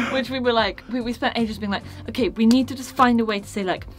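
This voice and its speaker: A woman's voice: fairly high pitch, lively intonation, moderate pace, over music. A woman, a musical's co-writer, chatting casually and mocking herself with a laugh in an interview.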